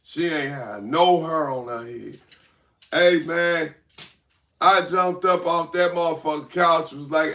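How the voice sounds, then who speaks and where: A man telling a rambling, profane story in a casual, animated way. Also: a little high, slow pace. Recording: echoey room, far from mic, faint noise.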